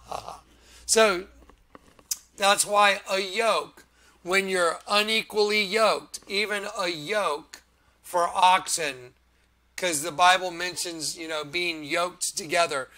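A man hosting his own online video, talking excitedly and preachily through images on his screen. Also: high-pitched. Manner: animated and preachy, often laughing. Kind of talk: excited commentary over a screen recording.

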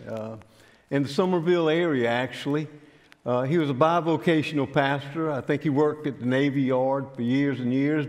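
An older man, telling a story in a sermon in a folksy, unhurried way. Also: mid-range voice, darkish tone. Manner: folksy, unhurried, frequent fillers. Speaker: pastor. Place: church sanctuary. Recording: church hall with long reverb.

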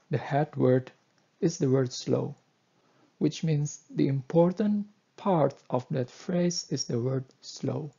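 Male lecturer, slow deliberate coding tutorial, gravelly husky voice, dull lo-fi mic. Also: mid-range voice, mellow. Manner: slow, deliberate explaining with fillers. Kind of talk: screen-recorded coding tutorial.

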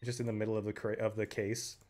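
A young man giving live commentary on a game, excitable, breaking into loud yells and laughter. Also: fairly low pitch, quick pace, soft background music. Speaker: game streamer.

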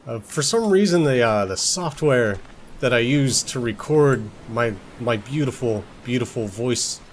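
A man's voice: mid-range voice, a little hiss or hum. A young man giving casual gameplay commentary as a let's play host, joking, swearing lightly and talking to things in the game. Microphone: desktop recording mic.

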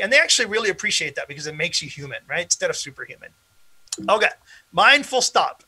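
A man's voice: sits high, big pitch swings, fast, bright, forceful tone, breathy edge. A man presenting an interactive online workshop to teachers over a video call, casual and encouraging with frequent fillers. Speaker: presenter at an educators' conference.

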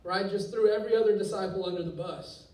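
A young man preaching a sermon to students, with energetic, conversational delivery and casual asides. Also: high-pitched, fast, recorded from a distance. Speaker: youth pastor. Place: church hall. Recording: echoey hall, voice from off-mic.

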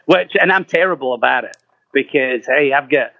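A man's voice: medium pitch, normal speed, vocal fry, muffled recording. A man from Scotland, a rock singer as interview guest, chatting casually in a rambling, self-deprecating way with plenty of swearing.

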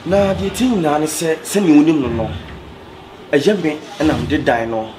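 Steady-talking Ghanaian man explaining. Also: on the high side, normal speed, noisy background. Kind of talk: casual explanation mixing Twi and English.

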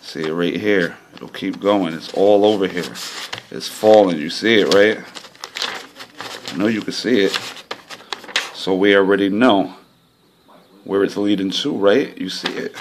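A man talking casually to his viewers about his lottery system, pointing things out on a chart, by turns excited and frustrated. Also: low voice, measured pace, long pauses, background noise. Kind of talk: casual talk to camera.

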